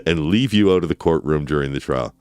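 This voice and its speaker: A man voicing a weary, patient judge who speaks calmly and deadpan, in a dramatic reading of a trial transcript. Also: a little fast, clean tone, dry recording. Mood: stern. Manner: calm, deadpan, low-key.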